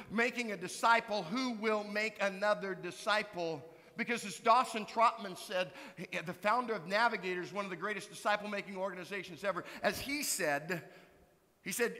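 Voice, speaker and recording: High, bright-voiced pastor in a reverberant hall. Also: male voice. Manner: earnest, lively, acts out quotes loudly. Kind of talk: conference teaching talk.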